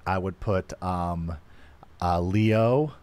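A man's voice: deep voice, extremely slow, a little mellow, smooth. A man co-hosting a live podcast, chatting casually and rambling with many fillers and restarts. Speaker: podcast co-host.

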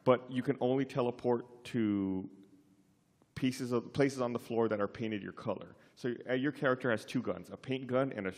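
A man's voice: mid-range voice, normal speed, darkish tone. A man co-hosting a live convention panel, explaining things at length in casual chat with frequent fillers. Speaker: podcast co-host on a live panel. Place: convention hall stage. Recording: live panel in a reverberant hall.

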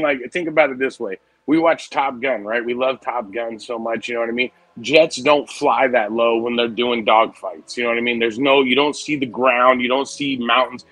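Man, casual movie podcast talk, bright forceful tone, dry close sound, rambling and profane. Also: medium pitch, no room sound, poor audio. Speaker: podcast co-host.

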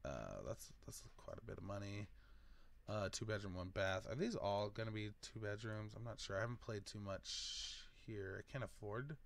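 Low-voiced man thinking aloud over gameplay. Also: normal speed, vocal fry. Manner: rambling, thinking aloud while choosing options. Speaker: gaming video host. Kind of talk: casual let's-play commentary.

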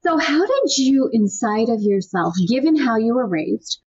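A woman hosting a podcast, asking thoughtful questions in an animated, affirming way. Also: fairly high pitch, unhurried, breathy edge, lo-fi sound. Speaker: podcast host. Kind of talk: interview questions.

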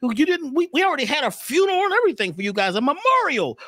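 A man's voice: extremely high pitch, big pitch swings, rapid-fire, sharp tone, dry recording, clean studio sound, pitched above the performer's own voice, full character voice. A man voicing a group of fretting frogs, whiny and stumbling over their words. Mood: astonished.

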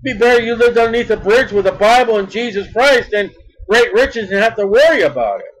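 A man preaching a sermon in an emphatic style, repeating words and swinging between loud bursts and soft asides. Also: high voice, lively intonation, brisk, low-quality recording.

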